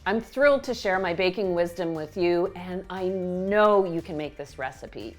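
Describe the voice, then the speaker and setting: A woman hosting a baking show, explaining each step with clear, enthusiastic instructions from a kitchen. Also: lowish voice, normal speed, few pauses, soft background music. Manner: warm, explanatory, enthusiastic about the food. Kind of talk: cooking demonstration.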